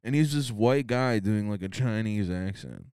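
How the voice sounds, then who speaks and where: A man's voice: on the low side, normal speed, a little mellow, smooth, no echo, studio quality. A young man co-hosting a casual comedy podcast, crude and laughing often, slipping into funny voices for quoted people. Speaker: podcast co-host.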